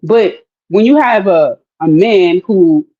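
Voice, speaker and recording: A woman's voice: fairly low pitch, takes it slowly. A woman on a discussion panel, talking animatedly with many fillers and acting out quoted voices. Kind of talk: casual debate. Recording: dull lo-fi audio.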